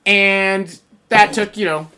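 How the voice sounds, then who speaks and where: A man in his thirties with a high, bright and forceful voice, co-hosting a loose podcast conversation. He tells a rambling story and echoes his own lines for effect. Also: steady tone, slow, clear, resonant tone. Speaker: podcast co-host. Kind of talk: casual chat.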